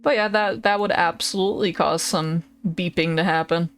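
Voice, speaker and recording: A woman's voice: lowish voice, steady tone, moderate pace. A woman streaming a game, chatting casually with viewers, laughing often and swearing freely. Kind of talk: casual live-stream chat. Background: faint background music.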